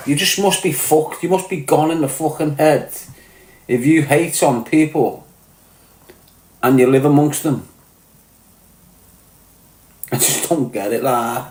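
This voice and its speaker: A middle-aged Liverpool man talks straight to his audience, blunt and full of swearing, throwing rhetorical question after rhetorical question. His voice sits a little higher than most men's. The room around him rings with noticeable echo. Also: a little mellow. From Liverpool, England. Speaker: podcast host. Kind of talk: ranting monologue to viewers.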